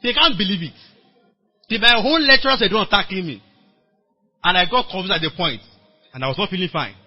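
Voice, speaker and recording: A Nigerian man preaching to a church workers meeting in a high, husky voice. He tells his story with lively acted-out dialogue and prompts the congregation to answer back. The sound is dull and lo-fi, like a church recording. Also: a little fast. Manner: animated storytelling, acting out quoted dialogue; calls on the congregation to respond. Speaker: pastor.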